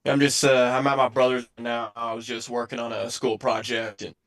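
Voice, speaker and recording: A young man chatting casually, keeping his answers short and relaxed. His voice carries a noticeable gravelly rasp. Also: medium pitch, moderate pace. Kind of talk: casual chat.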